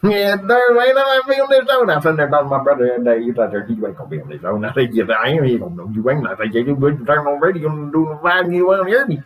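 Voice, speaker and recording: A man's voice: on the high side, lively intonation, recorded from a distance, voice pushed up, natural voice, low-quality recording. A man doing a rambling hick. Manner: rapid, slurred, rambling. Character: rough Southern US country man.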